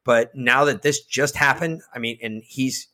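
A man co-hosting a podcast, ranting heatedly with lots of swearing and swinging between loud outbursts and slow emphasis. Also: medium pitch. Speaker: podcast co-host. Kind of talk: casual political chat.

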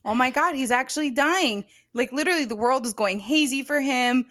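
A woman's voice: sits high, brisk, fairly bright tone. A woman co-hosting a podcast, animatedly retelling a story in casual chat, with lots of "like" and a dramatic flair. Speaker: podcast co-host.

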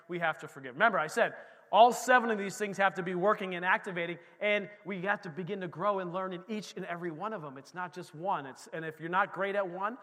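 Fervent preaching man, ringing hall. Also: high-pitched. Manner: fervent, swings from shouting to quiet. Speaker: pastor. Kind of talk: sermon.

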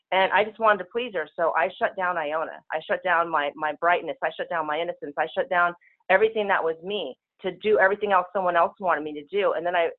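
A woman speaking as a spiritual healer guest, talking very fast in casual, rushing speech over a telephone call-in. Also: on the low side. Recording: tinny phone line.

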